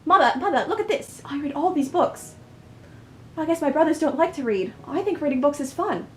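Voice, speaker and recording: A woman's voice: sits high, expressive, fairly quick, a little mellow, slight background noise, pitched above the performer's own voice. A woman voicing an earnest young man, the hurt adopted son, in a pleading, wounded way. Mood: eager.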